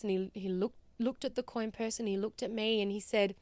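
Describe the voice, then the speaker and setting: A woman in her thirties with an Australian accent, hosting a podcast and telling a personal story in a chatty, animated way with fillers. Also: mid-range voice, moderate pace, dry recording. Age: 30s. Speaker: podcast host.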